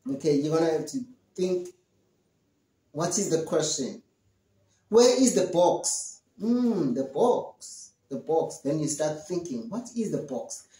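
An English teacher giving an online lesson to young children, slowly repeating and drilling questions and answers. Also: mid-range voice, warm tone, reverberant, poor audio.

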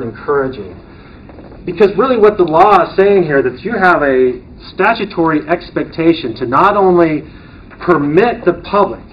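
A man's voice: on the high side, a little hiss or hum. An American man leading a training session for county board members, talking casually and often checking in with the room by asking "right?". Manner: conversational, asks the room questions, often adds "right?". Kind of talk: classroom training lecture. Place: meeting room. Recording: distant, dull mic with faint ambience.

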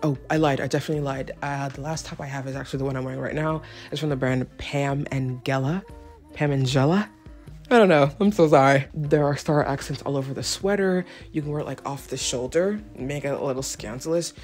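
A woman's voice: very deep voice, brisk, darkish tone, faint music behind. A young woman hosting a casual clothing haul vlog at home, playful and self-mocking, chatting straight to the viewer with theatrical asides. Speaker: fashion vlogger.

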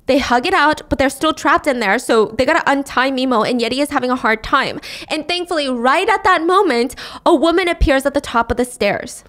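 A woman's voice: high-pitched, brisk, few pauses. A woman hosting a podcast, animatedly retelling a thriller plot in a casual way. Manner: animated retelling with voiced quotes. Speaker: podcast host. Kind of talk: casual story recap.

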